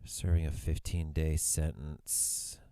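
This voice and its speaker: Very deep-voiced laid-back man co-host. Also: little pitch movement, takes it slowly, dark tone, clear, resonant tone, no room sound, clean studio sound. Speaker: podcast co-host. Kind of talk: casual chat.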